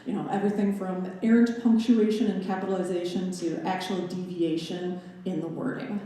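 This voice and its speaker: Delivering a graduate lecture recital with slide analysis, a young adult woman speaks in a lowish, mellow voice, flat in delivery and moderate in pace. She adds wry, playful asides to the scholarly talk, and the recital hall lends roomy reverb.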